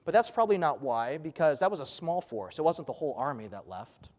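A man's voice: on the high side, very animated, fairly quick, a little mellow, big-room sound. A man preaching an expository sermon as pastor, earnest and emphatic.

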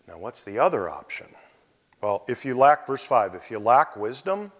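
A male pastor preaching a sermon, expressive, often dropping to quiet asides. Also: mid-range voice, moderate pace. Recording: long hall reverb.

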